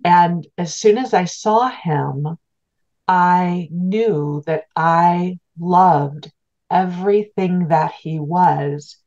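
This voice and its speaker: Through a somewhat muffled, lo-fi recording, a middle-aged woman who is a spiritual teacher shares a personal story as an interview guest. Her notably low voice has a darkish tone, and she speaks in an earnest, heartfelt, reflective way.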